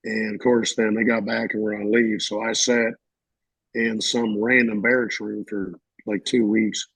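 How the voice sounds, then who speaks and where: Gravelly middle-aged veteran telling stories. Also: male voice, on the low side, unhurried, dry recording, rough recording. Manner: animated, acts out shouted quotes. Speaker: veteran interviewee. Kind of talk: casual storytelling.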